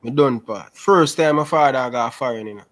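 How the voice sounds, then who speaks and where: A young man with a Jamaican Patois accent, telling his life story in a casual interview over a video call, animated and repetitive. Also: mid-range voice, a little fast. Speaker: interview guest.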